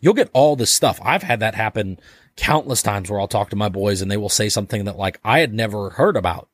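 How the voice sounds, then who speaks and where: A man's voice: on the low side, expressive, brisk, no room sound. A man as a podcast guest talking casually and loosely, filling his sentences with "like", swearing offhandedly and acting out little dialogues. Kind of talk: casual conversation.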